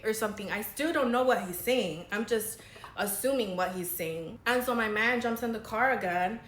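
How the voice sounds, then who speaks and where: A woman's voice: on the high side, normal speed, fairly bright tone, reverberant. A young woman, a makeup artist, telling a dramatic story in casual, chatty vlog style. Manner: chatty, dramatic, says girl a lot.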